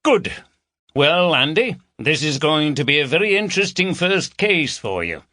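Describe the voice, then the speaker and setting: Hearty teasing yorkshire detective guy, pitched up high, bright edge, narrator putting him on. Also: big pitch swings, normal speed, dry recording, clean studio sound. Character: jovial Yorkshire male chief inspector, teasing.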